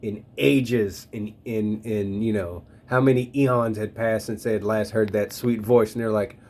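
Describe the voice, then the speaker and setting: A man's voice: lowish voice, fairly even intonation, unhurried, darkish tone. A man in his thirties reflecting on faith in a loose, slangy, rambling way, talking straight to his listeners. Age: 30s. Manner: addresses listeners directly. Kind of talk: casual spoken reflection on faith.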